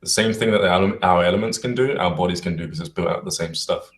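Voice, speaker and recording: A man co-hosting a casual spiritual talk show, speaking in a relaxed, enthusiastic way. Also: low-pitched, quick pace, far from the mic. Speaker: co-host.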